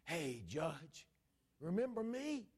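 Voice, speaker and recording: A man voicing a desperate, persistent widow who shouts to get a judge's attention. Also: on the high side, big pitch swings, slow, husky, full character voice. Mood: pleading. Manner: hollering, pleading, insistent. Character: desperate poor widow woman, persistent and shrill.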